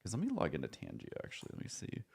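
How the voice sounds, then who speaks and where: A man's voice: low-pitched, huge pitch swings, very fast, creaky, darkish tone, husky. A man streaming live, chatting casually and rambling, joking at his own expense and swearing now and then.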